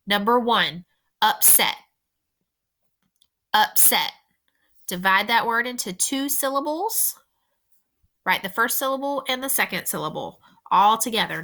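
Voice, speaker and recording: A woman teacher slowly dictating a spelling test to young students, repeating each word with careful, deliberate instructions. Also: on the high side, animated, bright, forceful tone.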